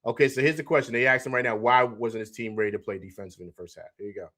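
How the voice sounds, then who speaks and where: A man's voice: mid-range voice, fairly even intonation, racing, sharp tone. A man hosting a casual live sports talk stream, loose and chatty, repeating himself, laughing often and reading out viewer comments. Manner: reads out chat comments. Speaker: sports talk show host.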